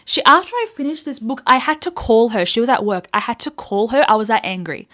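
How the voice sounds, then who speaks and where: A young Australian woman hosting a casual book vlog, animated and sweary as she rants, with frequent laughs. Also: fairly high pitch, fast talker. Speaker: book reviewer host.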